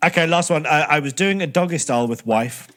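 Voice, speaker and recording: A man co-hosting a comedy podcast, reading out crude listener stories in a flat deadpan way. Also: a little high, fast, soft background music. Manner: deadpan reading, breaks into laughter. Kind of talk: casual comedy podcast chat.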